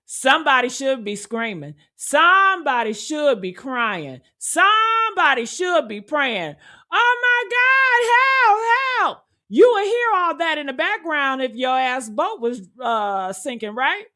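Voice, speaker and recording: A woman's voice: sits high, big pitch swings, measured pace, sharp tone. A woman giving blunt, sarcastic true crime commentary, swearing freely and talking straight to her viewers. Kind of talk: casual video commentary.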